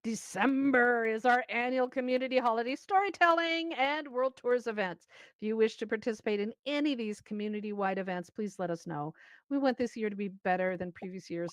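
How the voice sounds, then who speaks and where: A woman's voice: medium pitch, no echo. A woman co-hosting a community news stream, reading scripted news with upbeat, playful asides. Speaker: co-host.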